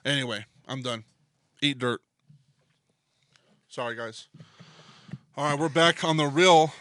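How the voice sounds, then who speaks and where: A man rants on a casual podcast, emphatic and swearing freely. His voice is bright and forceful, a bit higher than most men's. The recording is dry and close. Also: moderate pace, dry recording. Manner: swears constantly, fired-up and emphatic. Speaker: podcast co-host. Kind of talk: heated casual rant.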